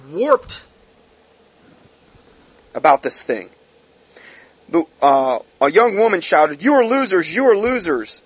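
A man's voice: on the high side, sharp tone, slightly rough. A man reading a news article aloud and breaking off into heated, sarcastic commentary, with many fillers. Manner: reads aloud then breaks off into heated asides; frequent fillers and restarts, sarcastic mockery.

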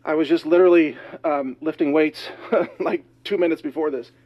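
A man's voice: on the high side, lo-fi sound. Breathless, alarmed male news ranter. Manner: rapid, alarmed, emphatic delivery. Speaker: news commentator. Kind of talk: urgent news monologue.

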